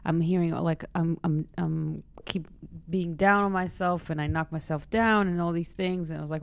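A woman guest in a casual conversation, telling lively stories and acting out the voices she quotes. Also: lowish voice, moderate pace, gravelly, no echo. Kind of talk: casual chat.

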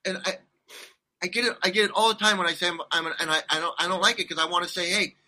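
Man, 60s, from California, interview guest, rambling storyteller, very bright tone. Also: high voice, very fast. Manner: rambling, animated storytelling with restarts. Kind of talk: casual interview chat.

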